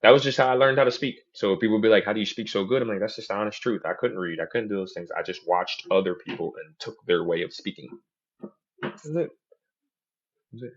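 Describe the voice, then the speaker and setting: A man's voice: on the low side, a little fast, lo-fi sound. A man hosting a podcast in casual chat, telling stories animatedly and mimicking other people's voices in quotes. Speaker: podcast host.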